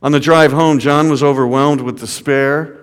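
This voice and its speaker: A man preaching a sermon, retelling a story dramatically, his voice dropping to a hush and then rising high. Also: fairly even intonation, normal speed, clear, resonant tone. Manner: dramatic, swinging from hushed to raised. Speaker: pastor. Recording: long hall reverb.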